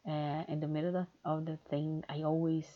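A woman's voice: deep voice, little pitch movement, normal speed. A woman in a casual question-and-answer chat, candid and hesitant, with many fillers. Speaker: erotic audio creator. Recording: dull lo-fi recording.

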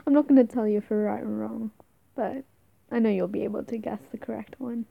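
A woman's voice: a little high, steady tone, brisk, vocal fry, dry recording, muffled recording. A young woman playing an affectionate, playful girlfriend in an audio role-play, giggling, teasing and stumbling over her words.

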